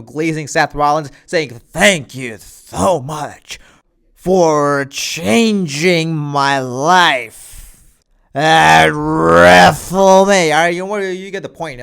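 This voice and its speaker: A man's voice: fairly high pitch, fairly bright tone, clean tone. A man giving casual wrestling commentary, rambling with lots of filler phrases.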